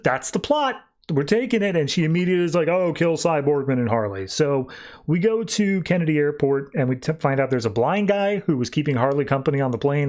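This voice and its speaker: A man hosting a podcast, retelling a comic plot in a rambling, wry, casual way with quick acted quotes. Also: on the high side, a little mellow. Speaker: podcast host. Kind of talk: casual comic book recap.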